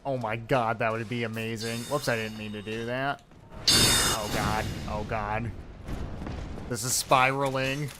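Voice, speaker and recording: A man's voice: mid-range voice, fairly even intonation, a little slow, very noisy. A man narrating his game casually, reacting to his own mishaps as he plays. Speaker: gameplay commentator. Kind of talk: casual let's-play chat.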